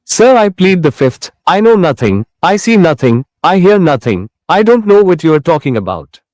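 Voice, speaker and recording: A man's voice: fairly high pitch, very animated, normal speed, no room sound. A man putting on an Indian-accented stonewaller. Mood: stonewalling. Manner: loud, insistent denials. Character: evasive man denying everything to police.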